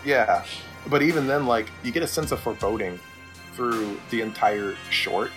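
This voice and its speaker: A man co-hosting a podcast in casual chat, animated, swearing freely and often restarting his sentences. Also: medium pitch, normal speed, over music. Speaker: podcast co-host.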